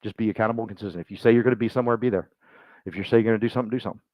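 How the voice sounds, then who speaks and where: A man's voice: fairly low pitch, steady tone, rapid-fire, a little mellow, no echo. A man giving a loose, joking motivational talk to a room, rambling and acting out the voices he quotes. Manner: rambling, self-mocking, acts out quoted voices. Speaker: speaker at a business meeting.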